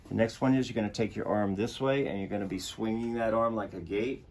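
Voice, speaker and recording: Low-voiced chiropractor coaching a patient. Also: male voice, fairly even intonation, a little fast, a little mellow, a little hiss or hum. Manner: encouraging, gives short repeated commands. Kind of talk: coaching a patient through treatment. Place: treatment room indoors.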